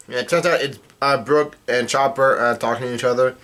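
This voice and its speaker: Man, rambling recap of a comic chapter, bright tone, mid pitch. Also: steady tone, moderate pace. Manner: rambling, with frequent fillers. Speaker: manga chapter reviewer. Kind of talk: casual retelling of a comic chapter.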